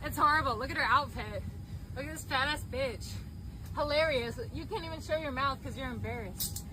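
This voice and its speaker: A high-pitched woman hurls taunts and abuse at bystanders. She is outdoors by a street. Loud traffic noise fills the phone clip behind her. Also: fairly quick. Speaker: woman filmed in public.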